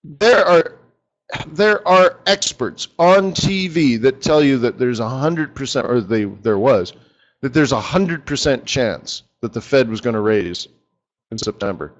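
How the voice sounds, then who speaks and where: A man's voice: medium pitch, animated, unhurried, dull audio. A man leading a live forex strategy session, chatty and joking, talking straight to his viewers.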